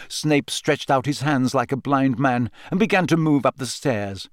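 A man's voice: medium pitch, no room sound, studio quality. Man reading a novel aloud. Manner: measured storytelling. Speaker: audiobook narrator. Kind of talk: scripted narration.

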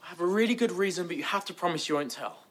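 A woman's voice: lowish voice, rapid-fire. A woman voicing a flustered cartoon boyfriend. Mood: sheepish. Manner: nervous, stammering, excitable. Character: young man, sweet, flustered boyfriend. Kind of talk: cartoon voice acting.

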